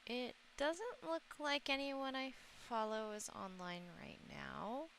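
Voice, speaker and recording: A woman's voice: high-pitched, animated, slow pace, fairly bright tone, a little hiss or hum. A woman streamer chatting casually with viewers, giggling often and a little under the weather. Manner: giggly, often laughing, emotional. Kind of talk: casual live-stream chat.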